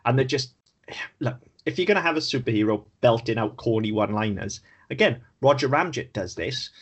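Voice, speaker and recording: A man co-hosting a podcast, talking in a frank, animated way and swearing casually. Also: medium pitch, fairly quick, husky. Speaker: podcast co-host. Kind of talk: casual chat.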